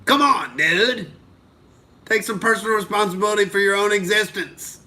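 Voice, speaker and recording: A man's voice: sits high, moderate pace, sharp tone. A young male comedian from Oklahoma ranting on a live stream, heated and profane, reading out and answering viewer comments.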